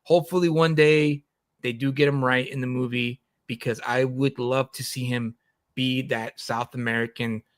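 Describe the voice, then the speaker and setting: A man's voice: medium pitch, steady tone, moderate pace. A man hosts a casual live stream chat in an ordinary middle-range voice. He talks loosely, with fillers, restarts and easy laughs. The sound is dry and close, with no room echo. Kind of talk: casual chat about comics.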